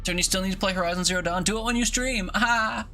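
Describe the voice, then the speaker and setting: A man chatting casually on a game stream, rambling, joking and tossing in silly beeps and boops. His voice is tense and bright with a gravelly edge. Faint music plays in the background. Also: sits high, fast. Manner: rambling, jokey, makes mouth sound effects. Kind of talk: casual live-stream chat.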